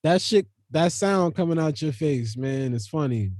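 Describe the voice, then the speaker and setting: A man's voice: a little high, animated, unhurried, darkish tone, dry recording. A man hosting a podcast in loose, profane, laughing banter full of slang. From Jamaican family. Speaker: podcast host. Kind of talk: casual chat.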